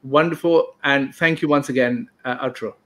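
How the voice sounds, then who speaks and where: A man's voice: medium pitch, fairly even intonation, fairly bright tone. Courteous man hosting a live interview. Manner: courteous, measured questions. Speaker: interviewer, live-stream host.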